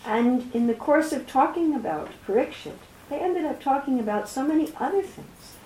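Middle-aged woman teaching a scripture class, slow and distinct, roomy echo. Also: sits high, expressive, dark tone, a little hiss or hum. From New York City. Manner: slow, deliberate, very distinct speech. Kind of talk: reading and explaining scripture to a class. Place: room with a small class.

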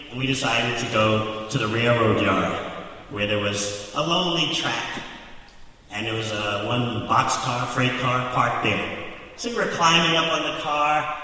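A man telling a childhood story to a live audience in an animated way, acting out the voices, recorded in a large hall. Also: fairly low pitch. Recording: echoey hall from far off.

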